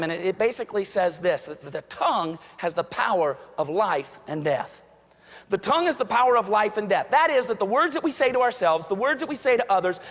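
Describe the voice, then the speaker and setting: Male keynote speaker, lively storyteller, slightly high voice, long hall reverb. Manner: storytelling, acts out quoted voices. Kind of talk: motivational keynote speech.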